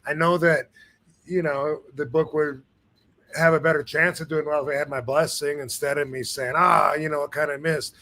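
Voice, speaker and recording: Chill guy hosting a live stream, bright voice, kinda high, lots of ums and restarts. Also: fairly even intonation, normal speed. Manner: laid-back, rambling with many fillers and restarts. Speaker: show host. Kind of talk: casual live-stream chat.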